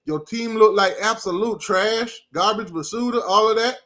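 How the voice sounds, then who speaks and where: A man's voice: high-pitched, moderate pace, sharp tone. A man giving a ranting college football commentary, trash-talking rival fans in a brash way and hammering the same jabs over and over.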